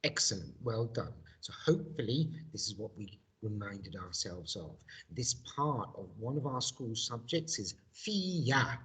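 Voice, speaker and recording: A man teaching a recorded video lesson in a husky, breathy voice. His pitch swings widely as he models words for pupils to repeat, slowly and deliberately, stressing each sound. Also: big pitch swings, fairly bright tone.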